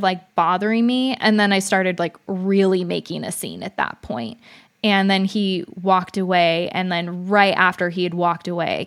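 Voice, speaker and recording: Chatty frank young woman. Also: medium pitch. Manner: frank, chatty, many fillers and restarts. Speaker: vlogger. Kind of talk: casual storytelling monologue.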